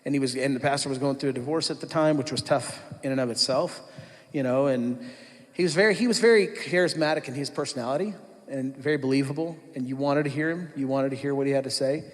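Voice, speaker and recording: A man's voice: mid-range voice, quick pace. A man telling his personal testimony to a church congregation in a conversational storytelling way, acting out what others said. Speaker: church worship leader giving his testimony. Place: church sanctuary. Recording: long church-hall reverb.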